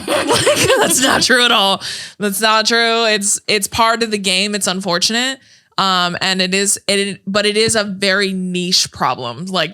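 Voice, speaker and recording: A woman in her twenties co-hosting a podcast in casual chat, animated and blunt, swearing freely and laughing as she quotes movie lines. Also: medium pitch, smooth. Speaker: podcast co-host.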